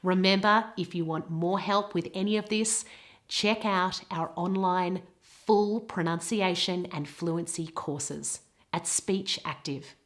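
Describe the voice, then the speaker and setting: A woman with a British English accent teaching pronunciation, modelling words slowly and carefully. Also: on the low side. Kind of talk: pronunciation lesson.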